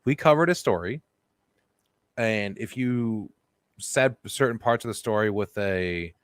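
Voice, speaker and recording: A man's voice: fairly low pitch, no echo. A man co-hosting a comedy podcast, teasing his co-host and riffing on stories in casual chat. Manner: joking, teasing, fast riffing.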